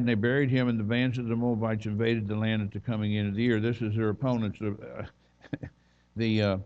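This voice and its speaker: A man's voice: fairly low pitch, a little mellow, muffled recording. A man preaching as a visiting minister, telling folksy stories and reading scripture aloud. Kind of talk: sermon.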